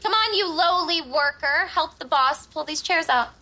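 A woman's voice: sits high, moderate pace, bright, forceful tone. An actress playing a prim, bossy young businesswoman in a sitcom, exasperated and commanding. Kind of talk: sitcom acting.

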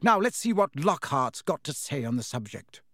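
A man's voice: a little high, big pitch swings, moderate pace, no room sound, studio quality, exaggerated voice. A man voicing a fussy, motherly woman who snaps out scoldings, reading a storybook. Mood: fond. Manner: sharp, snapping scolds softening to fond.

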